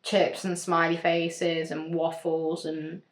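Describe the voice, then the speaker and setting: A woman's voice: deep voice, completely flat delivery, slow, roomy sound. A young woman, co-hosting a podcast in casual, giggly, rambling chat. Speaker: podcast co-host.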